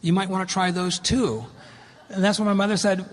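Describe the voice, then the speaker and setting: A man's voice: high voice, fairly even intonation, normal speed. A middle-aged man giving a public lecture with slides, earnest and emphatic as he tells a story. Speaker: speaker giving a talk. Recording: long hall reverb.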